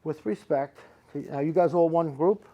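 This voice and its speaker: A middle-aged man giving psychic medium readings works a live crowd in a slightly high voice at normal speed. He rambles emphatically, repeating words over and over to press his point, and the recording has its highs cut off.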